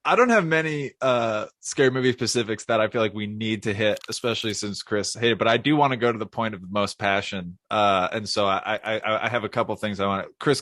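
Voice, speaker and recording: A man co-hosting a podcast, arguing his points in casual chat with halting restarts. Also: on the low side, fairly bright tone, dry recording, studio quality. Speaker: podcast co-host.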